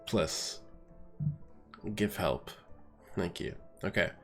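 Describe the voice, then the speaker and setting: A man's voice: sits low, extremely slow, a bit bright, soft background music. A man with a stuffy nose giving casual, wry let's-play commentary, thinking aloud as he plays. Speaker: game streamer.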